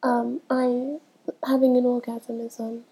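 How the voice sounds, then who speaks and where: A woman's voice: fairly high pitch, little pitch movement, a little slow, mellow, breathy edge, low-quality recording. A young woman with a stuffy, congested voice from a cold, chatting casually and hesitantly as she answers a questionnaire. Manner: hesitant, many ums, laughs between answers. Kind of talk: casual chat.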